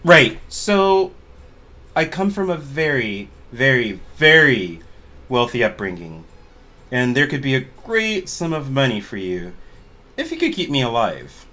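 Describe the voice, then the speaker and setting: A man voicing a wealthy, oddly energetic young woman archaeologist in a tabletop game, talking bluntly and brightly. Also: medium pitch. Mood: chipper. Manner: bubbly, blunt, fast-talking.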